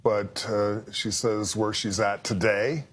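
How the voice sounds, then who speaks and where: A man, a correspondent interviewed live on air, speaking reflectively with halting phrases and fillers. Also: lowish voice, level tone, slight background noise.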